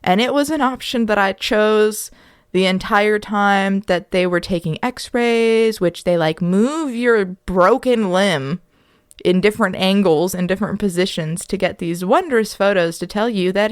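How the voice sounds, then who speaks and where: Slow, smooth-voiced woman telling a story. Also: mid-range voice, no room sound, studio quality. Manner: candid, reflective, animated retelling. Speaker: podcast host. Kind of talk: personal storytelling monologue.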